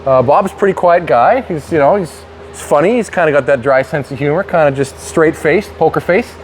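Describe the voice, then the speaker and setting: A man's voice: on the high side, fairly quick, a little hiss or hum. Upbeat male show host, casual banter. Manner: upbeat, joking banter with many fillers. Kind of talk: casual chat.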